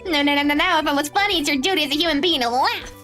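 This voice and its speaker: A woman's voice: high voice, very fast, sharp tone, faint music behind. A woman voicing a corny male circus clown who tells bad puns in a hammy manner, in a visual novel read-through. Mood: joking. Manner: pun-telling, hammy.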